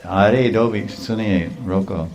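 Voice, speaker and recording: A man's voice: on the low side, unhurried, a little mellow, highs cut off, soft background music. A man voicing a playful, confident young cowherd boy who speaks casually and teasingly, in a storytelling sermon.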